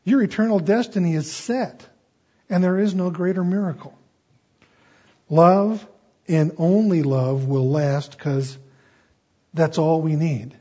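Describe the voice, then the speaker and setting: Earnest husky male preacher. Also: fairly high pitch, mellow. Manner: earnest, storytelling, slows for emphasis. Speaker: pastor. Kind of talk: sermon. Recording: dull lo-fi recording.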